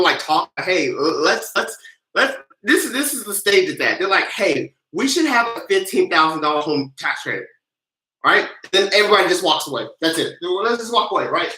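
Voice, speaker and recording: A live-stream host who answers viewer questions in a loose, casual way and whips up the chat with loud chants. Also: mid-range voice. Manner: hyped-up, cheerleading the chat; casual, loose, with many fillers and restarts. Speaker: tax livestream host. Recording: roomy echo.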